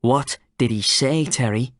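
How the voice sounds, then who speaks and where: A man's voice: medium pitch, unhurried, dry recording, studio quality, close to an everyday voice. A man voicing a sardonic journalist. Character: sharp, skeptical male journalist. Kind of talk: audiobook character voice.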